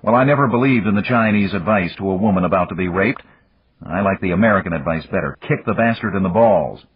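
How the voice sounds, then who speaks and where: A man's voice: sits low, fast talker, breathy edge. A man voicing a blunt, combative male industrialist in an audiobook. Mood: defiant. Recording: dull lo-fi audiobook recording.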